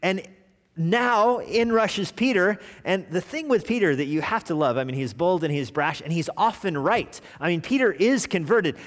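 Guy preaching a sunday sermon, kinda high voice, swings from loud to hushed, big echoey church. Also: normal speed. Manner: animated preaching, dropping to quiet asides. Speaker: pastor. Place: church sanctuary. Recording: long reverb of a church hall.

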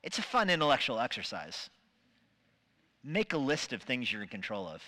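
Guy preaching a sermon, bright forceful voice, long church reverb, acts out little voices. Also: mid-range voice, normal speed. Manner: animated, acts out quoted voices. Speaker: pastor. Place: church sanctuary.

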